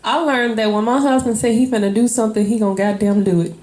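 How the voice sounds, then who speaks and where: A woman's voice: a little high, fairly even intonation, quick pace, darkish tone. A woman in a casual interview, telling a personal story candidly and emotionally, with many fillers. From Illinois. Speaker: interviewee, wife. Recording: echoey room.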